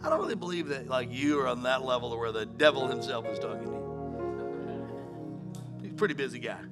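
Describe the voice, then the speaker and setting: A middle-aged man preaching a sermon as pastor, animated, moving between quiet storytelling and shouting. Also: medium pitch, fairly quick. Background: music playing.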